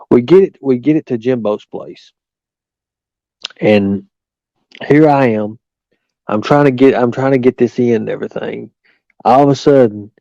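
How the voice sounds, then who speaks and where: A man spins a crude, rambling yarn in a mellow, low-key voice. He stumbles and restarts often and swears freely. The recording is dry and a little dull. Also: dry recording. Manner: rambling, profane, frequent restarts and fillers. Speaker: storyteller. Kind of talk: casual storytelling.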